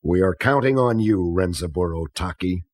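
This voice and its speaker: A man's voice: deep voice, animated, normal speed, darkish tone, no room sound, clean studio sound. An actor playing a stern male boss who gives orders in a grave, commanding way in an anime dub.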